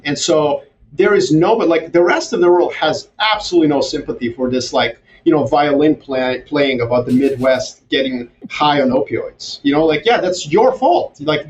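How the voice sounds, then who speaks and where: A man who grew up in Europe and the Middle East, talking as a podcast guest in a sarcastic, animated way with mocking asides. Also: a little high. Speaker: guest strategist. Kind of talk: casual podcast conversation. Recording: distant, dull, slightly noisy remote audio.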